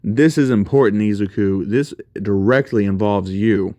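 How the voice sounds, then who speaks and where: Man doing a blunt young woman, reassuring, lowish voice, dry sound. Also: moderate pace, dark tone, no echo, natural voice.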